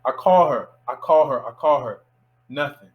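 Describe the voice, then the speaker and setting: Animated young man telling a story. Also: medium pitch, normal speed, highs cut off. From Miami, United States. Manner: animated storyteller acting out quotes. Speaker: interview guest, filmmaker. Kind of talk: casual storytelling interview.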